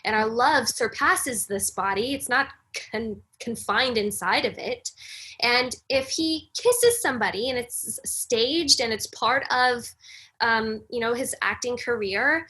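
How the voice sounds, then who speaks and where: A woman on a podcast, a breathwork facilitator, recounts a personal story in lively conversational fashion. Her voice is bright and a little airy, set fairly high for a woman, and her speech is dotted with "you know.". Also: breathy edge. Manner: animated, frequent "you know" fillers.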